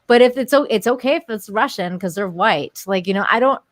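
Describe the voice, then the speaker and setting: An opinionated woman co-hosting a casual podcast, her mid-pitched voice animated as she repeats her points. The sound is dry and close, with no room around it. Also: fairly quick, dry recording. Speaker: podcast co-host.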